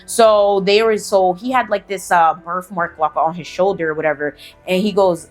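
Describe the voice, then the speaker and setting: A young woman hosting a casual storytime vlog, telling it in an animated, chatty way and swearing freely. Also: lowish voice, moderate pace, faint music behind. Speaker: storyteller host.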